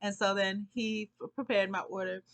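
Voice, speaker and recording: A woman's voice: medium pitch, steady tone, normal speed, a bit bright. Chatty rambling woman telling a story. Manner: rambling, chatty, laughs often. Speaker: vlogger. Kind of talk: casual storytelling vlog.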